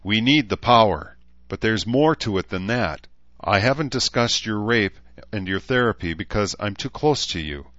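A man doing a calm, thoughtful noble commander. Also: lowish voice, normal speed, dry recording, highs cut off, voice pushed up. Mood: calm, reasoned. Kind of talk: audiobook character voice.

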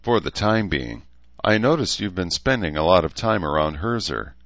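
A man's voice: low-pitched, sing-song, moderate pace, fairly bright tone, no echo, highs cut off, heavily acted. Man voicing a weary sardonic mother. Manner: dry, exasperated. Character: middle-aged woman doctor, weary and sardonic mother.

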